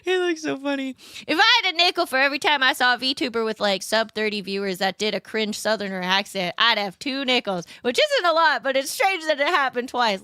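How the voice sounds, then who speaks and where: A woman's voice: fairly high pitch, bright, forceful tone, no echo, clean studio sound. A young woman streaming as a VTuber, chatting in a casual, rambling way with cutesy slang. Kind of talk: casual live-stream chat.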